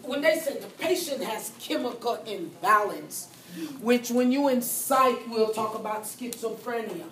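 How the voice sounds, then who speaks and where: A woman's voice: a little high, expressive, unhurried, fairly bright tone, a little hiss or hum. A woman teaching a live nursing exam review class, quizzing students and repeating key points. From Haiti. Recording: echoey classroom with faint ambience.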